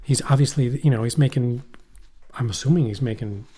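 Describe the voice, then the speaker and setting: Rambling middle-aged man with a dark voice. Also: medium pitch, fairly quick, breathy edge. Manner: rambling, profane, trails off and restarts. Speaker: podcast co-host. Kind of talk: casual chat. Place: poorly heated shack.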